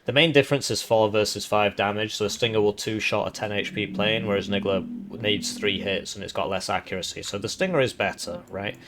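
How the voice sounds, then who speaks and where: A man with a hoarse, tiring voice, casually explaining strategy game tactics and often adding "right?". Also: on the low side, fairly even intonation, a little fast, hardly any pauses, background noise. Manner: chatty, explanatory, tag questions. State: hoarse, voice giving out. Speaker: gaming video host.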